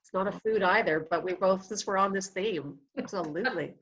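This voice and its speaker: A woman answering quick questions in a casual chat, chatty and quick to laugh. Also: mid-range voice, a bit bright, muffled recording, slight background noise. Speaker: guest.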